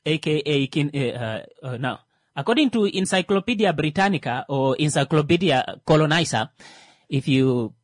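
A male radio show host, talking casually and joking, with many "uh" fillers and pauses as he searches for words. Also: fairly high pitch, animated, no echo. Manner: hesitant, heavy on "uh" fillers, joking asides. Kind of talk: casual radio talk with jokes.

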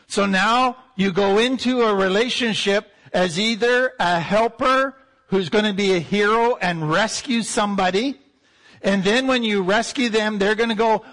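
A man, a therapist, giving an explanatory lecture, slowing down to stress key points. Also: high-pitched, a bit bright, poor audio. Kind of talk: teaching lecture.

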